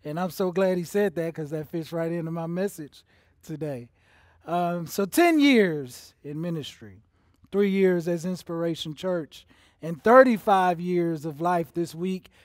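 Pastor, male, high-pitched, emotional delivery, dry recording. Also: no room sound. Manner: emotional, builds from soft to intense. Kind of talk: livestreamed sermon. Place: church auditorium.

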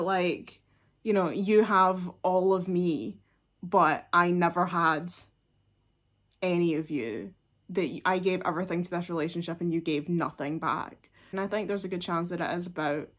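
Gushing woman reacting to music. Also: fairly low pitch. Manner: chatty and gushing, many fillers. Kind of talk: casual reaction chat.

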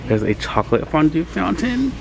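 A man hosting a casual vlog, gushing and excitable, talking straight to viewers while filming on a handheld camera. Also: fairly high pitch, moderate pace, gravelly, loud music behind the voice. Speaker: vlogger host. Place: thrift store, then home kitchen.

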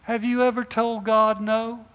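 A man's voice: very high-pitched, little pitch movement, measured pace, a bit bright. Man preaching in a reverberant church. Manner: acts out imagined dialogue, asks the congregation questions. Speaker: pastor. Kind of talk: sermon. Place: church sanctuary. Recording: long hall reverb in a church.

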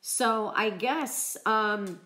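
A woman vlogger chatting on a live stream, emotional and choked up from crying, talking haltingly with many restarts. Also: mid-range voice, sharp tone, slight background noise. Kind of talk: casual live-stream chat.

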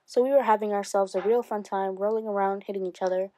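A woman teacher reading a memoir aloud to her class, steady and expressive, with rises for emphasis. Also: mid-range voice, fast talker, slight background noise.

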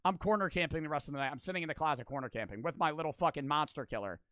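A young man streaming his reactions to a video, joking loudly and swearing, breaking into laughs and shouts. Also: fairly high pitch, rapid-fire. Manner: loud, profane, joking, bursts into shouts and laughs. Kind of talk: casual reaction commentary.

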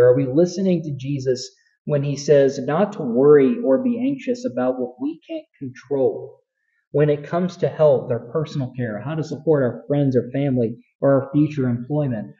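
A man's voice: mid-range voice, mellow, highs cut off. A man preaching a sermon as pastor, talking conversationally with frequent restarts and building emphasis.

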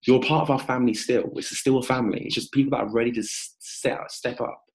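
A man hosting a live-stream coaching pitch, energetic and upbeat, calling out viewers by name. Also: quick pace.

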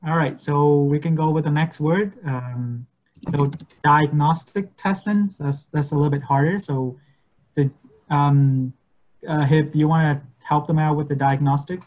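A man teaching medical English in an online class, patiently repeating words slowly and switching languages. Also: on the high side, steady tone, a little mellow.

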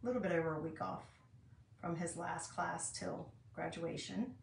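A craft channel host in her fifties works at home and rambles chattily to viewers in a lowish, creaky voice at a moderate pace. She's far from the mic, the room is echoey, and there's slight background noise.

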